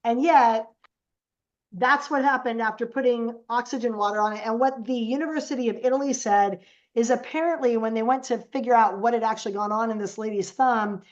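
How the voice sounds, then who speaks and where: A woman speaks as a podcast guest, her voice sitting a little high. She tells stories casually and animatedly, slipping into the voices of the people she quotes. The recording sounds dull and lo-fi. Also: brisk. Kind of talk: casual storytelling.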